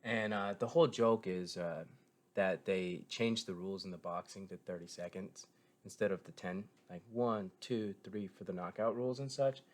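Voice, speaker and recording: A man's voice: deep voice, moderate pace. A man giving a casual, rambling spoken review, full of fillers, restarts and self-corrections, with a keen fan's tone. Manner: meandering, filler-heavy, frequent self-corrections; enthusiastic fan tone. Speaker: show reviewer.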